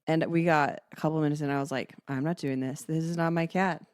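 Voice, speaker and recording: A woman's voice: sits low, fairly quick, dry recording, clean studio sound. A middle-aged woman hosting a podcast, telling a family story in casual chat and acting out the voices of the people in it. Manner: animated, acts out quoted family members. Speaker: podcast co-host.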